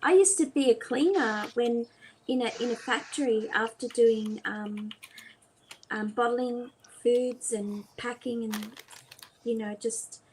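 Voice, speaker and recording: A woman's voice: on the high side, slight background noise, poor audio. A woman on a livestream panel, chatting casually and sympathetically over a video call. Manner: slow, sympathetic reactions. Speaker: panel guest. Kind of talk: casual chat.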